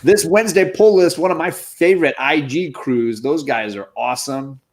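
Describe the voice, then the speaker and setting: A man's voice: fairly high pitch, moderate pace. A man co-hosting a casual comic book live stream, upbeat and joking as he reads out names from the chat. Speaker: comic book show co-host.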